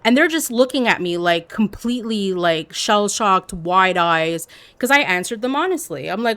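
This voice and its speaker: A woman livestreamer telling stories in casual chat, animated and peppered with "like". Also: mid-range voice, a little fast, few pauses. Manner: animated, heavy use of "like".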